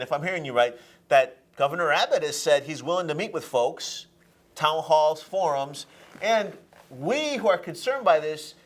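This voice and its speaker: Lively, argumentative talk show host man. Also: a little high. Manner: animated, argumentative, laughs between points. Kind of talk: political debate talk.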